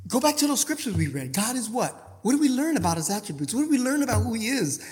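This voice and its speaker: A male preacher delivering an impassioned sermon. He fires rhetorical questions at the congregation and swings between hushed asides and loud outbursts. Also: very high-pitched, big pitch swings, fast talker, big-room sound.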